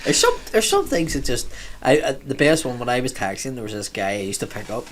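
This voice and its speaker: A man's voice: mid-range voice, fast talker, slight background noise. Man telling a swear-filled story. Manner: animated, swearing storyteller who acts out quoted voices. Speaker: comedian, podcast co-talker. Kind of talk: casual chat, storytelling.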